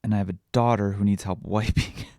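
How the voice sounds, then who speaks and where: Candid, halting man with a low voice. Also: steady tone, no echo, studio quality. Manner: candid, halting, with many fillers and restarts; quietly emotional, reflective. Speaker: parenting podcast host. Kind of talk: confessional solo podcast monologue.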